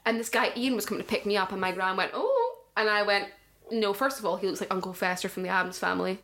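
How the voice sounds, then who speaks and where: A woman's voice: mid-range voice, fairly even intonation, quick pace, fairly bright tone. A woman in her thirties, chatting casually as a podcast co-host and telling a story with lots of fillers. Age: 30s. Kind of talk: casual chat.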